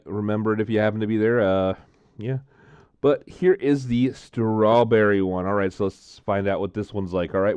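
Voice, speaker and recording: A man's voice: lowish voice, darkish tone, clean tone, dry recording. A man vlogging casually, tasting drinks and telling a story, rambling with lots of fillers.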